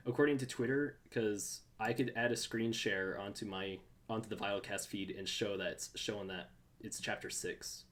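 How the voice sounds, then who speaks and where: A podcast host in casual fan chat, excitable and rambling, full of fillers and restarts. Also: low voice, normal speed.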